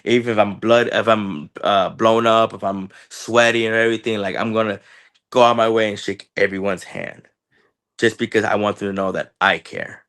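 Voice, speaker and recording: A man in his thirties, a wrestler guest, telling stories in an animated way and acting out what people said to him. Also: fairly low pitch, moderate pace. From Chicago area. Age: 30s. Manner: animated storyteller, acts out quotes, repeats words. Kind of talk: casual interview talk.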